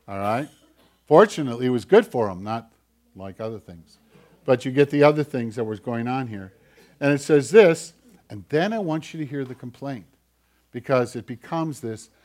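A man preaching a sermon in an animated way, swinging between loud bursts and quiet asides. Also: mid-range voice, moderate pace, long pauses. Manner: animated, acts out whiny voices, swings loud and soft. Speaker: pastor.

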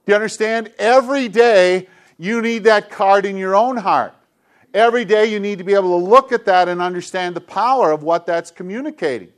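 Higher-voiced man preaching emphatically. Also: fairly quick. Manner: emphatic, repetitive preaching cadence, drops to soft hushed tones. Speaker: pastor. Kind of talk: sermon to a congregation with kids.

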